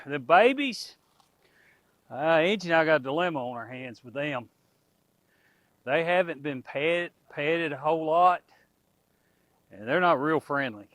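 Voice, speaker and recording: A man's voice: fairly high pitch, fairly bright tone, no room sound. A middle-aged man, chatting casually to his viewers and animals outdoors on a farm. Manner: folksy, talks to animals and viewers. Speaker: homestead vlogger.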